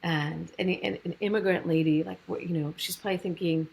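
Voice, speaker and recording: Animated woman with a gravelly edge. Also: sits low, fairly quick, few pauses, a little hiss or hum, poor audio. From United States. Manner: animated, acts out quoted dialogue. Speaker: fitness program founder, guest. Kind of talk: podcast interview storytelling.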